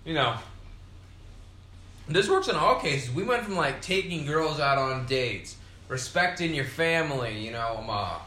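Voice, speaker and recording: On the high side and a little slow, this young man's voice sounds pushed and bright with lively intonation. Tipsy from beer, he hosts a podcast, rambling through a casual monologue thick with profanity and fillers, all in a roomy echo.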